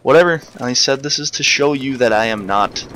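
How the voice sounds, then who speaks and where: A young man giving rambling, excitable live commentary while playing a shooter game. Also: mid-range voice, a little fast, slight background noise. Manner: chatty, rambling, excitable bursts. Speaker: gamer doing live commentary. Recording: game gunfire loud in background. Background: gunfire and game sounds.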